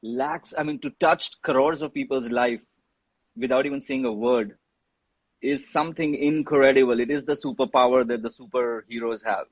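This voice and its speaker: Man, husky voice, dry muffled sound, lively casual storyteller. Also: mid-range voice, normal speed, no echo. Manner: animated, swears freely, says bro and dude. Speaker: guest telling a story. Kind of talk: casual storytelling on a live stream.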